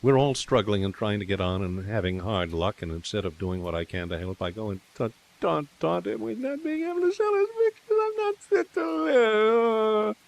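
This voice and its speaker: A man reading a quick-tempered young woman artist who taunts sharply and then turns tearful. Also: low-pitched, close to an everyday voice. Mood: sobbing. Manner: teasing, then tearful self-reproach.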